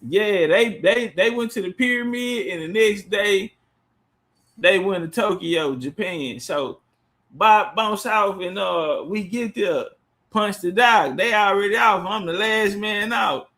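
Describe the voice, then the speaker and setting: A man telling a story in a casual, animated, profane way, laughing often as he goes. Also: sits high, unhurried.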